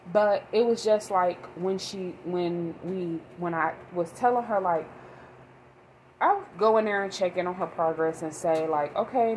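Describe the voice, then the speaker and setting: A woman's voice: on the low side, a little mellow, a little hiss or hum, poor audio. A woman vlogging about her day as a mother, talking in a rambling, emphatic way. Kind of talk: casual monologue.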